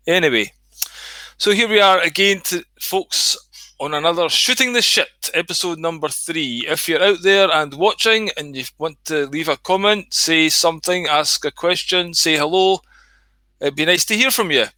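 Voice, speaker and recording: Bright-voiced Scottish man chatting on a livestream. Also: on the high side, normal speed, dry recording. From Scotland. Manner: chatty, swears casually, greets viewers by name. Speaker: livestream host. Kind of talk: casual rambling livestream chat.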